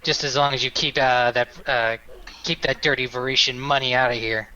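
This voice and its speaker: A wary, gruff tavern regular, as a man puts him on in a fantasy game, eyeing strangers and pausing on every other word. The sound is dull and lo-fi. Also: medium pitch, steady tone, bright, forceful tone, lightly acted. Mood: suspicious. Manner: wary, hesitant with "uh"s. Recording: dull lo-fi recording.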